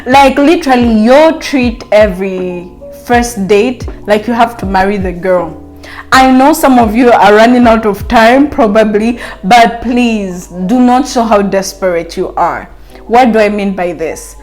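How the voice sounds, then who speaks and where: A woman's voice: fairly high pitch, unhurried, darkish tone, soft background music. Playful woman giving dating advice. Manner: playful, teasing, direct address to viewers. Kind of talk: casual advice chat to camera.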